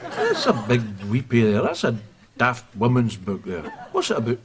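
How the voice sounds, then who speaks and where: An actor playing a grumpy older Scottish man who bickers over books, with a gruff Scottish accent. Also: mid-range voice, huge pitch swings, normal speed, crowd noise.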